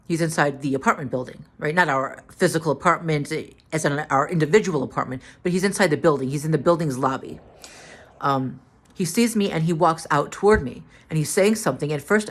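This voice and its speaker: A tired, drained woman telling a story to the camera in a halting way, repeating words and restarting. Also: sits low. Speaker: vlogger.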